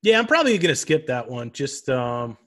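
An easygoing man co-hosting a joking news podcast. His voice is bright and clear. He makes his remarks in a dry, wry way. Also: medium pitch, sing-song, brisk. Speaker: podcast co-host. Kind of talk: casual comedic news chat.

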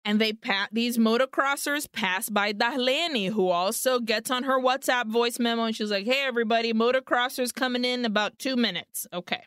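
A woman's voice: a little high, normal speed, hardly any pauses, fairly bright tone, smooth, no room sound, clean studio sound. A woman co-hosting a podcast, animatedly retelling a film's plot and acting out the characters' lines. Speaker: podcast co-host. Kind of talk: casual film recap chat.

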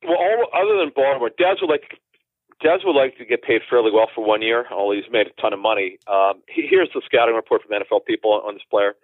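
A man in his forties phones in as a guest with football insider knowledge, telling stories in a rambling, casual interview full of restarts and asides. His voice is lowish and he talks fast. The tinny phone line is dry, with no echo.

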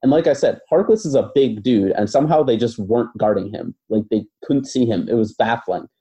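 A man's voice: medium pitch, brisk, warm tone. A man co-hosting a basketball podcast, talking through his views in a casual, thoughtful way with many fillers and hedges. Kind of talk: casual analytical chat.

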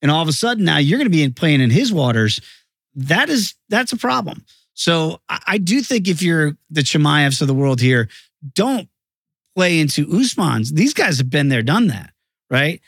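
Male guest analyst, energetic fight talk, a touch higher pitched, dry sound. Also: moderate pace, breathy edge, no room sound. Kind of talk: casual sports betting chat.

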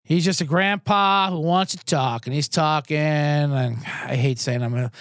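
A man's voice: on the high side, a little slow, a bit bright, dry recording. A man hosting a podcast, ranting sarcastically and telling profane stories with acted-out quotes. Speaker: podcast host. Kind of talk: comedic rant.

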